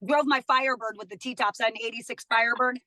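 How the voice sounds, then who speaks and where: A woman's voice: on the high side, fairly even intonation, brisk, sharp tone, dry recording, low-quality recording. A woman in her thirties, a studio guest, chatting casually and laughing often as she tells personal stories. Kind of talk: casual chat.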